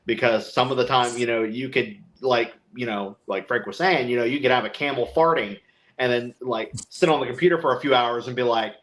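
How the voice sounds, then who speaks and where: A man chatting casually on a podcast, rambling and animated, acting out quotes as he talks. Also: medium pitch, fairly quick. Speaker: podcast co-host. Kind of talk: casual chat.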